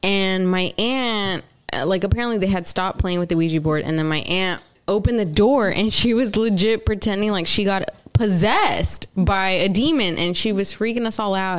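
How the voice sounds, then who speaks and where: A woman's voice: medium pitch, clean tone. A young adult woman telling a story in casual podcast chat, chatty and giggly, with lots of "like" and "y'all".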